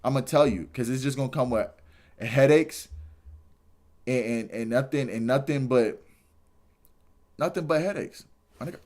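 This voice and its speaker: A young man ranting on his livestream, exasperated and animated, repeating himself and shouting in disbelief. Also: mid-range voice, normal speed, pauses often. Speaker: streamer. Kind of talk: casual livestream rant.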